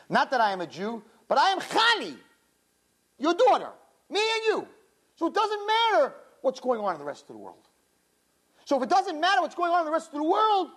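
A woman with a lowish voice and a breathy edge, she's a Torah teacher giving a religious lecture to young women. She tells stories animatedly, acting out the dialogue.

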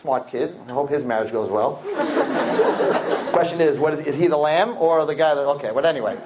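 Man, animated religious lecture, soaring pitch swings, somewhat high voice, faint hiss behind. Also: normal speed, some chatter behind, low-quality recording. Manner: lively storytelling, jumps high in pitch, acts out characters. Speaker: rabbi teacher.

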